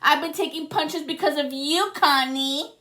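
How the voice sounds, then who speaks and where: Woman, high voice, bright and sharp, passionate, swearing, ranting monologue to camera. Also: unhurried. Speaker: spiritual reader.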